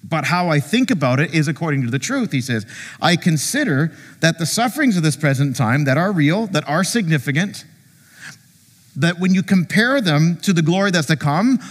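Pastor guy preaching, kinda high voice, super animated, big echoey church. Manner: animated, conversational preaching with jokes and acted quotes. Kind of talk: sermon. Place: church sanctuary.

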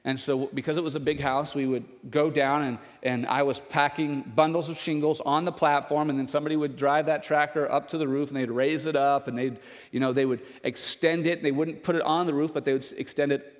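A man's voice: steady tone, fairly quick, in a large hall. A male pastor preaching a sermon, telling a personal story and acting out the voices of the people in it. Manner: storytelling, acts out voices of others with loud raised pitch.

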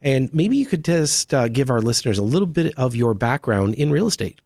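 Dude hosting a radio show, jokey, chatty, dry close mic. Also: male voice, mid-range voice, very animated, fairly quick, a little mellow, no room sound. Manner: friendly, chatty, joking.

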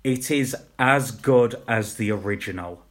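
A man's voice: mid-range voice, a little slow. A young man co-hosting a podcast, chatting casually and rambling about shows, laughing at his own jokes. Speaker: podcast co-host. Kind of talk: casual chat reviewing shows.

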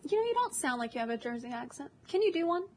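High-voiced playful woman. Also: big pitch swings, racing, darkish tone. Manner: playful, teasing questions. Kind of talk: casual stream chat.

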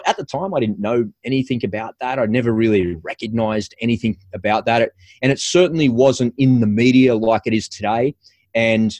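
A middle-aged man talks through his story as a podcast guest. His voice sits at an ordinary pitch, and his manner is frank, casual and self-deprecating. The recording is dry and close, with no room sound. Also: a little mellow, dry recording. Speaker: podcast guest, former paratrooper. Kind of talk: candid storytelling in conversation.

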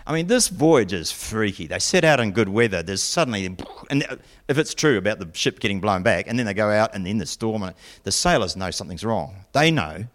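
A man's voice: fairly low pitch, expressive, fairly quick. A man preaching a sermon, retelling a story with jokey asides and mock voices.

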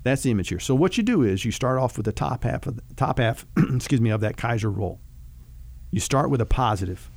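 A man in a counseling role tells a down-to-earth story to illustrate his advice, relaxed and folksy. His voice sits in the middle range. The sound is close and dry, with no room echo. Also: mid-range voice, quick pace, vocal fry, hardly any pauses. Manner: folksy storytelling with vivid food analogies. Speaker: marriage counselor. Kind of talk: conversational teaching on a talk show.

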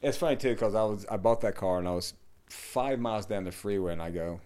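A middle-aged man, a yoga teacher, talking in a rambling, casual way, swearing and dropping to low mutters. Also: a little fast, a little mellow, clean tone. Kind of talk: casual podcast conversation.

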